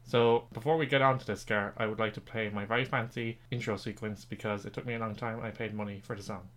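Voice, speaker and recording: Irish man, podcast co-host, rapid speech, deadpan, blunt opinions. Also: fairly low pitch, slight background noise. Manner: blunt, deadpan hot takes. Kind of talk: casual podcast banter.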